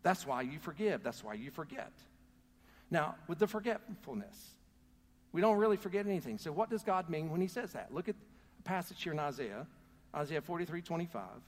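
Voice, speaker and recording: A man's voice: a little high, animated, fairly quick. A man preaching a sermon as pastor, earnest and calling on the congregation to answer back. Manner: earnest, calls out to the congregation for responses. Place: church. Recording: long hall reverb.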